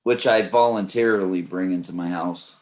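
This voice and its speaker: Man guest, lowish voice, deadpan storyteller. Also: moderate pace. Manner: dry joking storyteller. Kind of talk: casual chat.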